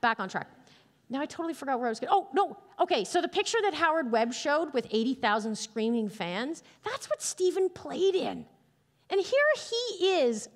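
A woman giving a motivational keynote speech on stage, telling stories in an animated way and laughing often. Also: very high voice. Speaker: keynote speaker. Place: large hall on stage.

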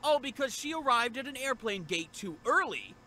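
A man's voice: very high-pitched, big pitch swings, moderate pace, pushed and bright, a little hiss or hum. A man, narrating a clip compilation with wry, conversational commentary. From South Coast of England. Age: 40s. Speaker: reaction channel host.

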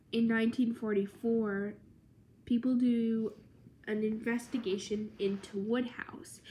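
Tired young woman, slow chatty history talk. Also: mid-range voice, a little mellow, slight background noise. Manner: chatty, lots of "like" and "um" fillers. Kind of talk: casual history explainer.

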